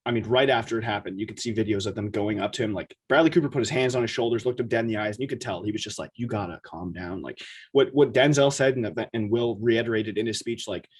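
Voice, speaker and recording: A man co-hosting a podcast in a casual chat, talking in an animated way and acting out quotes in quick asides. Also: lowish voice, breathy edge. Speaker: podcast co-host.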